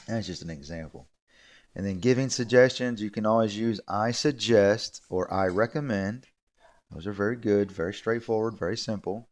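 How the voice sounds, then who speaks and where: A male English teacher giving a recorded video lesson, explaining in a relaxed way and repeating key points. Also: on the low side, normal speed.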